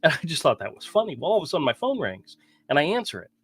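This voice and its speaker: A man telling a story in a casual podcast chat, animated and swearing freely. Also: fairly high pitch, racing, breathy edge, no room sound. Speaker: podcast co-host.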